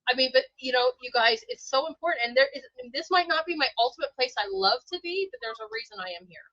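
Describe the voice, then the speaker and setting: A woman hosting a casual podcast, with a bright, somewhat high voice. She talks in an emotional, animated way. The sound is dry and slightly dull. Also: quick pace, dry recording. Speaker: podcast host.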